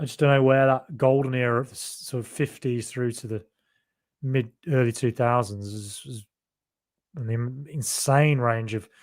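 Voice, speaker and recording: A young man from Solihull with a faded Birmingham accent, hosting a casual podcast chat and rambling as he reads out viewer comments. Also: medium pitch. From Solihull, Birmingham area. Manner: rambling, self-correcting, chatty. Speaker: podcast host.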